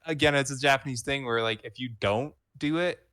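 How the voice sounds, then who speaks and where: A man's voice: medium pitch, fairly quick, fairly bright tone, smooth. A man co-hosting a book club podcast, explaining plot points with hesitant restarts. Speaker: podcast co-host. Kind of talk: casual book club chat.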